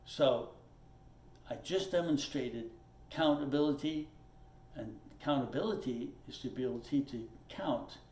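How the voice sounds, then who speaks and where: Unhurried and darkish in tone, a mid-range male voice walks a student through drumming at the kit, step by step. He is plainspoken and patient, repeats himself, and keeps checking in with "okay"; the room sounds echoey with faint background noise.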